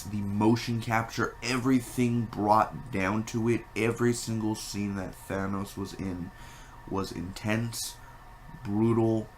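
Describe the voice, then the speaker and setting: A man giving a casual spoken movie review, rambling and animated, with many fillers and restarts. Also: fairly low pitch, a little hiss or hum.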